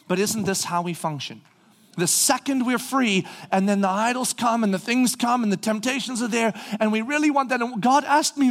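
Guy preaching a sermon, really high voice, gets loud and animated, does little voices. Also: brisk. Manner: animated, acts out voices of the people, rising to shouts. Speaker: pastor.

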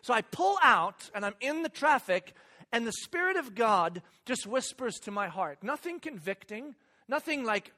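High-voiced, bright, animated male preacher. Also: normal speed. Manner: animated, conversational, repeats words and asks "right?". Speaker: pastor. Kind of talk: sermon storytelling.

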